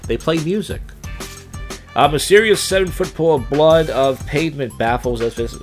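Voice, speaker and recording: Crude rambling male streamer. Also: mid-range voice. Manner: crude, rambling, with off-the-cuff jokes. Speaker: live streamer. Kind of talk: casual live-stream commentary on odd news.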